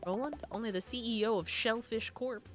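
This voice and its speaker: A woman's voice: a little high, brisk, over music, lightly acted. A woman voicing a working-class crab townsperson with folksy, drawling slang. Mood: grumbling.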